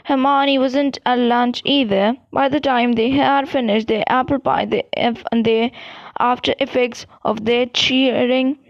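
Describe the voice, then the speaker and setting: Amateur reader, woman, high-pitched, reads a novel aloud with slips, close and dry. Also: fairly even intonation, measured pace, no echo. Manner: stumbles and restarts words. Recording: dull, dry lo-fi recording.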